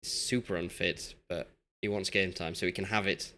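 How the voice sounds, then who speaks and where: A man's voice: low-pitched, steady tone, normal speed, sharp tone. Chatty Yorkshire man streaming a game. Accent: Yorkshire English. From Yorkshire, England. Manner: chatty, self-deprecating, reads chat aloud. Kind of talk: casual live-stream commentary.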